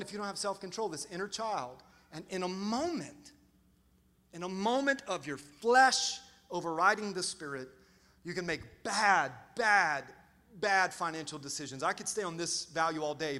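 High-voiced, bright preacher in a reverberant hall. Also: male voice. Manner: lively storytelling, acts out quotes with big swings in loudness. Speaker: pastor. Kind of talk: sermon.

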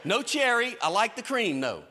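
A man preaching a sermon in a lively storytelling way, with folksy Southern phrasing. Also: very high voice, moderate pace. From American South. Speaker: pastor. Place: church stage.

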